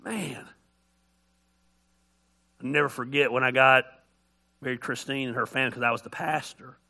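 A man's voice: mid-range voice, moderate pace. A middle-aged man preaching a folksy, joking sermon as a pastor, acting out voices as he tells stories. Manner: animated storytelling, acts out voices.

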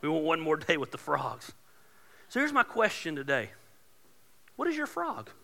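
Gravelly, bright pastor preaching. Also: male voice, fairly high pitch, wildly swooping pitch, normal speed, in a large hall. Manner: casual, joking, rising to loud emphatic preaching. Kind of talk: sermon.

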